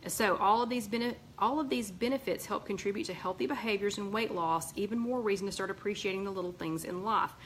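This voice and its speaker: A woman's voice: medium pitch, a little fast, few pauses, low-quality recording. Southern woman, chatty live-stream host, lots of ums, faint background hiss. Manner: chatty, warm asides, frequent ums and restarts. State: voice tired. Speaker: host of a weight-loss group live chat. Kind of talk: casual live-stream chat reading viewer comments.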